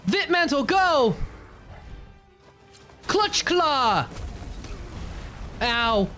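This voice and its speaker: Male streamer, excitable live gameplay commentary, unhurried delivery with big swoops in pitch. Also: faint music behind. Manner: excitable, yells at the game.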